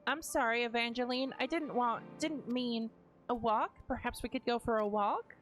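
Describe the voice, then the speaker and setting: A woman's voice: fairly high pitch, normal speed, a bit bright. A woman streaming a game, reacting emotionally and casually, swearing freely. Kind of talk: casual let's-play commentary. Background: game music.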